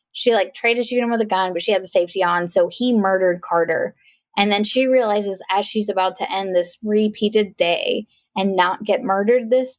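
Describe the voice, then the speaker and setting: A woman's voice: mid-range voice, no echo. A woman co-hosting a podcast, chatting casually and frankly about a movie with some swearing. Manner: chatty, retelling with acted quotes; profane, frank. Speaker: podcast co-host.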